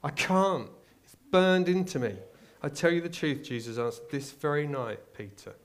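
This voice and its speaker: A man's voice: on the high side, moderate pace. English man preaching a conversational sermon. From England. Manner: conversational, searching, with many restarts and rhetorical questions.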